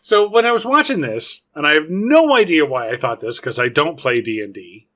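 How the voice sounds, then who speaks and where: A man's voice: on the high side, very animated, normal speed, fairly bright tone. A man with a Canadian accent hosting a movie podcast, chatting casually and joking, acting out little scenes and laughing often. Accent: Canadian English. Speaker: podcast host. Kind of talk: casual chat about a movie.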